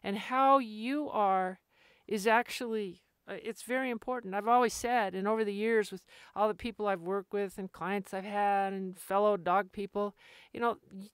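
Chatty middle-aged woman, smooth dry voice. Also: medium pitch, steady tone, moderate pace, no room sound. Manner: chatty, restarts sentences, laughs often. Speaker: dog trainer and podcast host. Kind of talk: casual podcast monologue.

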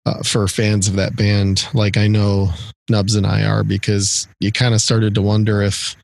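A man's voice: fairly low pitch, level tone, moderate pace, creaky, darkish tone, no room sound. A middle-aged man from the area co-hosting a casual music podcast, rambling with lots of fillers and restarts. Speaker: podcast co-host.

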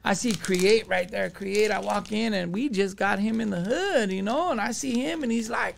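A man's voice: high-pitched, normal speed, vocal fry, few pauses. A man, telling a story as a podcast guest in profane street slang. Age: 20s. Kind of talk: casual storytelling.

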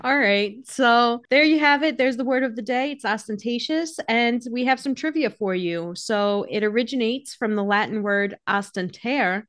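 A young adult woman co-hosting a podcast in casual chat, relaxed and laughing often. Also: a little high, normal speed, few pauses. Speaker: podcast co-host.

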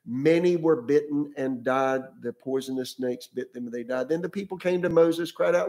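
A man's voice: on the high side, normal speed, few pauses, warm tone. A male pastor preaching a sermon in a conversational way, often repeating words and asking his listeners questions.

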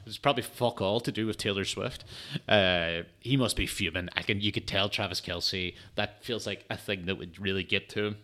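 A man's voice: fairly low pitch, fairly even intonation, moderate pace, sharp tone. A man hosting a casual solo sports podcast, rambling and swearing with lots of fillers, tired and yawning. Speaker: podcast host.

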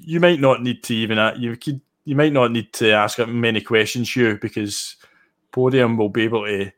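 A Scottish man talking as a guest on a podcast, casual and enthusiastic. His voice sits at an ordinary middle pitch, and he loops back over his words as he goes. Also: normal speed, fairly bright tone. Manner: chatty, enthusiastic, restarts phrases often. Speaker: guest sim racer. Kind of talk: casual interview chat.

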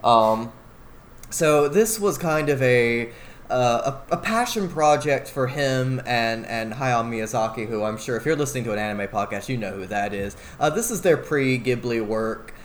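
Man, podcast co-host, casual rambling talk, medium pitch, slight background hiss. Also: lively intonation, moderate pace. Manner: enthusiastic, rambling with fillers.

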